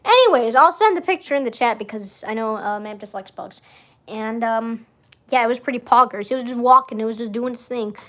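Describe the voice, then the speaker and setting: A young woman with a high, light voice chats to her stream viewers in a loose, rambling way. She trails off, cuts herself short and giggles between thoughts. It sounds unscripted and conversational. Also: brisk, fairly bright tone. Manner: rambling, self-interrupting, giggly. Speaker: livestreamer. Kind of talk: casual stream chat.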